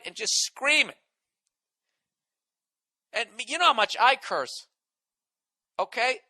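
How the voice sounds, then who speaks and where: A man's voice: high voice, normal speed, long pauses, pushed and bright, no room sound. A man hosting a comedy podcast, telling a story in a profane, sarcastic, exasperated rant.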